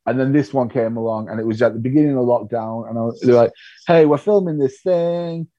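A man's voice: mid-range voice, rapid-fire, dry recording, muffled recording. A male comedian, telling stories candidly and with self-deprecating humour in a podcast interview. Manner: self-deprecating, animated storytelling. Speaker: comedian guest.

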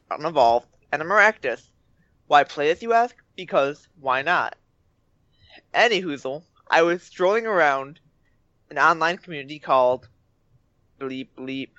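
A man's voice: on the high side, sharp tone, no room sound. Tired male podcaster, dull dry mic. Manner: playful storytelling, chuckles. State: tired, late at night. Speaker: podcast co-host. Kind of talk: casual podcast chat, reading listener mail.

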